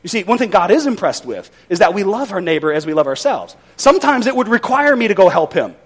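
Lively high-voiced male preacher. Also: fast, breathy edge. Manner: conversational, folksy with wry humor. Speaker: pastor. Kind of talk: sermon.

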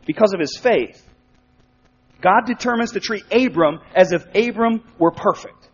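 A man preaching a sermon in a conversational way, acting out quick spoken asides. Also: high voice, breathy edge. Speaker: pastor. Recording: dull sound with long hall reverb.

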